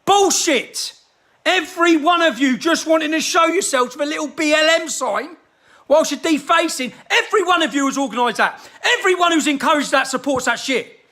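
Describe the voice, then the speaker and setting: Furious high-pitched man ranting. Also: moderate pace. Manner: furious, shouting, heavy swearing. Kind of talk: angry monologue to camera.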